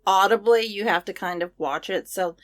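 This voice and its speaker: A woman's voice: medium pitch, normal speed. A woman co-hosting a podcast in casual chat, teasing her friends and laughing often. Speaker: podcast co-host.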